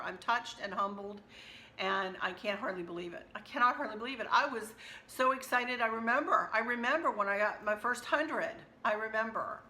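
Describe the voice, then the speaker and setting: A woman hosting a home decor channel, chatting casually and effusively to her viewers with soft laughs. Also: mid-range voice, a little hiss or hum. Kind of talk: casual chat to camera.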